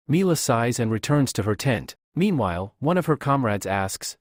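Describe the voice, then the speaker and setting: Guy narrating a comic recap, lively pitch, dry sound. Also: moderate pace, few pauses, no room sound.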